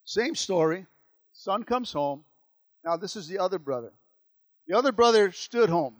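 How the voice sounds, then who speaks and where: A man's voice: high-pitched, expressive, normal speed, no echo. A man preaching a sermon as pastor, repeating lines and calling out to the church. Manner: preaching with call-outs and repetition.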